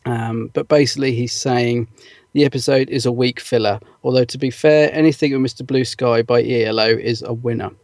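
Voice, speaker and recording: A man's voice: medium pitch, fairly even intonation, fairly quick, darkish tone, no room sound, clean studio sound. Chatty man reading listener comments. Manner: chatty, with frequent ums and laughs. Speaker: podcast co-host.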